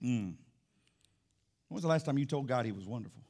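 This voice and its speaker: Loud, high-pitched preaching pastor. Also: male voice, expressive, very fast. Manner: loud, swinging between shouting and hushed. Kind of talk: sermon. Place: church sanctuary.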